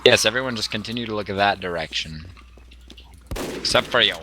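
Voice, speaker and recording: A young gamer chats casually while playing a shooter, rambling with lots of "likes" and laughing often. His voice is fairly low and fairly quick, with crowd noise and gunfire audible behind him.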